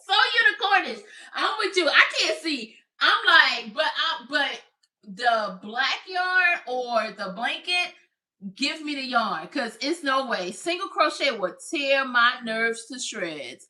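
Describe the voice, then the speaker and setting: A woman's voice: high-pitched, big pitch swings, slow, bright, forceful tone. A woman hosting a casual crochet livestream, chatting with viewers, reading out their comments and laughing often.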